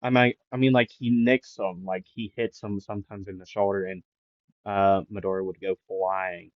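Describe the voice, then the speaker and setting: A man making up an anime fan-fiction story out loud, rambling with lots of fillers and self-corrections. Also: low voice, flat delivery, normal speed, no echo. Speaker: anime YouTuber. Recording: dull lo-fi dry mic.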